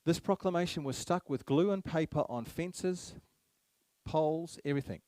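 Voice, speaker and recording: A man's voice: a little high, normal speed, mellow, no echo. A man giving a public speech to a live audience, emphatic, repeating key phrases and firing rhetorical questions at the crowd. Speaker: speaker at a public meeting.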